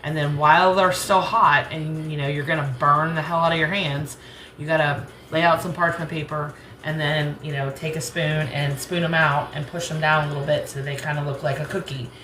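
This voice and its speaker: Woman, rural Southern American accent, deep voice, casual rambling kitchen chat, roomy echo, faint background hum. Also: fairly even intonation, normal speed, fairly bright tone. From United States. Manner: chatty, rambling, laughs easily. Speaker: cooking channel host. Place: home kitchen.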